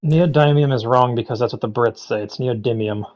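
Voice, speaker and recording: A man's voice: mid-range voice, level tone, fast. A man playing at a game table who explains things in a technical, lecturing way. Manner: lectures in a technical, know-it-all way. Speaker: player. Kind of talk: casual chat at a game table. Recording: dull lo-fi mic.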